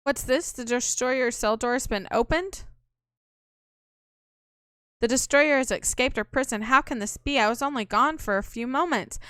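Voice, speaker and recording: A woman's voice: high voice, moderate pace, a bit bright, smooth, no echo, clean studio sound. A woman reading aloud the lines of a stern, self-righteous young male knight in a game, speaking in an indignant, accusing way.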